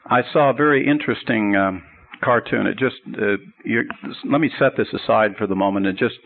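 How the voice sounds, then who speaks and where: A man's voice: lowish voice, fairly quick, vocal fry, narrow, tinny audio. A man teaching a sermon as a Bible teacher, earnest and explanatory. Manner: earnest, explanatory, builds up to a told joke.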